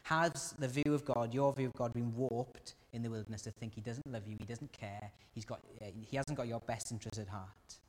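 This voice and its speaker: A man's voice: medium pitch, steady tone, brisk, few pauses. A man preaching a sermon with earnest rhetorical questions to the congregation. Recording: long hall reverb.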